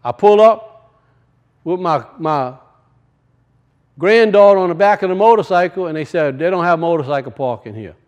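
A man preaching a sermon and telling a personal story, swinging from loud bursts to hushed, quiet lines. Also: high-pitched, animated, moderate pace, long pauses. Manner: rises loud then drops to hushed, storytelling.

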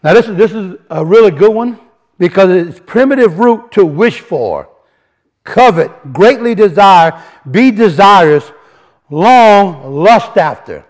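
Unhurried yet animated, a preacher walks his congregation through word meanings in a sermon built on word studies. His voice is high with big pitch swings; he repeats and restarts phrases, stresses key words with rising emphasis, and speaks with colloquial grammar.

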